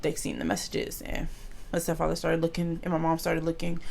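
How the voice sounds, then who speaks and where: Woman vlogger in a casual storytime, gravelly fry in her voice, lively and slangy with viewers. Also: sits low, fairly quick, slight background noise. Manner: animated, slangy, addresses viewers as y'all.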